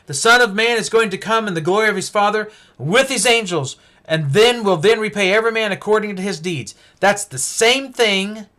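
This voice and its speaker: A male preacher with a high voice teaches from the Bible in an emphatic sermon full of rhetorical questions, swinging between loud stresses and hushed asides.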